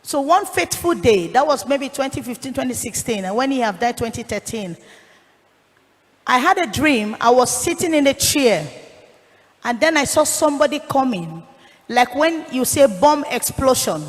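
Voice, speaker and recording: A woman's voice: high voice, animated, normal speed. A woman giving an earnest church testimony, telling her story with a raised, pleading voice. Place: church hall. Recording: long hall reverb.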